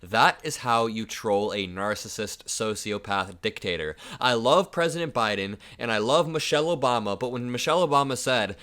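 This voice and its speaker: A man hosts a political commentary video, his voice at an ordinary middle pitch. He talks in a mocking, animated way, reading out quotes and tearing into them. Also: normal speed, few pauses.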